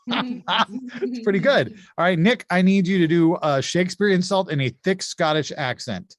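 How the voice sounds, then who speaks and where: A man with a notably high voice hosts a comedy insult game from home over a video call. He is chatty and full of quick asides. The sound is dry, with no room echo. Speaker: game show host. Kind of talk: casual improv game hosting.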